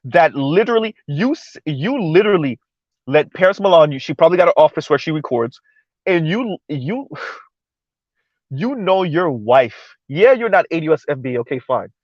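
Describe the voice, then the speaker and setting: Brief: male live-stream host, stunned and animated commentary, dry close mic with a muffled, lo-fi tone. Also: on the high side, normal speed, no room sound. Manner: animated, incredulous, repeats words and restarts often.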